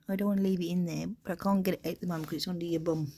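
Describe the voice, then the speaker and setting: A woman vlogging at home as she tends her pets, coaxing and cooing at them, often in a hushed near-whisper, caught on a camera mic held by a helper. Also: on the low side, fairly even intonation, rapid-fire. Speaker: pet keeper vlogger. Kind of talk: casual narration to camera.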